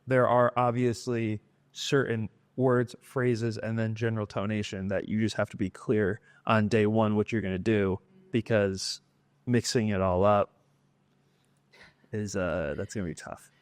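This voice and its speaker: A man's voice: lowish voice, little pitch movement, measured pace, smooth, no room sound. A man co-hosting a podcast, explaining in a casual, conversational way. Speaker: podcast co-host. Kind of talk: casual chat.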